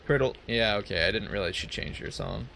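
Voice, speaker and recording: A man's voice: fairly low pitch, brisk, creaky, bright, forceful tone, slight background noise. A man hosting a let's play, chatting casually and reading game text aloud with asides.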